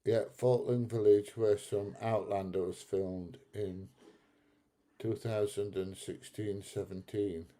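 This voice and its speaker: A Northern English man chats through a livestream, answering comments bluntly with frequent laughs. His voice is very dark and mellow and fairly low. He talks at an unhurried, slow pace. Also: steady tone. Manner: blunt, chatty, laughs often. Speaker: livestream host. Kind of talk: casual livestream chat reading comments.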